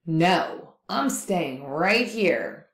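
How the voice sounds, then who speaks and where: A woman's voice: lowish voice, sing-song, very slow, reverberant, full character voice. A woman voicing a bold, stubborn male coyote who snaps out orders in a storybook tale. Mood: bossy. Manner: bossy, sharp commands.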